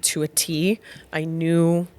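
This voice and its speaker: A woman in her thirties or forties co-hosting a podcast, speaking slowly and reflectively about her faith. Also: low-pitched, little pitch movement, darkish tone. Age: 30s to 40s. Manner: reflective, slow with pauses. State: emotional. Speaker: podcast co-host. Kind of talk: heartfelt faith conversation.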